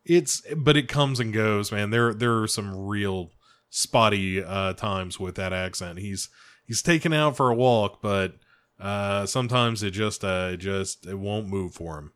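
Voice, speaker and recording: A man giving a casual, rambling movie review, joking around and pausing often with fillers. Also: fairly low pitch, a bit bright. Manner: rambling, jokey, hesitant with many fillers.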